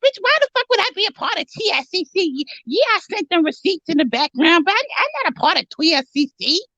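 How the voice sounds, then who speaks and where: A woman plays a crude, boastful woman from Philadelphia with a Philadelphia accent, pitched very high in a mock interview sketch. Every answer comes out combative. The recording is dull and lo-fi with a dry sound. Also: big pitch swings, fairly quick, sharp tone, no room sound, exaggerated voice. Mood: indignant. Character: brash foul-mouthed Philadelphia woman interviewee.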